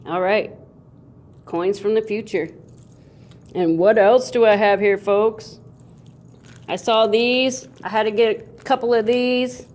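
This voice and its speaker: Slow-talking playful woman unboxing coins. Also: mid-range voice, a little mellow, a little hiss or hum. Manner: playful, sings and makes goofy sound effects. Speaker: coin channel host. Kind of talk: casual unboxing video.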